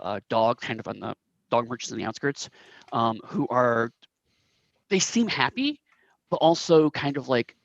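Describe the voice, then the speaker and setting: A man's voice: medium pitch, vocal fry, no echo, dull audio. A man narrating a tabletop game as game master, rambling with many fillers and restarts.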